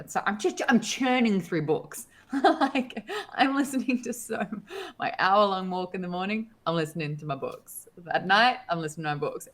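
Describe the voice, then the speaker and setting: A woman co-hosting a casual chat, telling stories with lively acted-out quotes. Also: on the low side. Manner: animated storyteller, acts out quotes. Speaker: co-host.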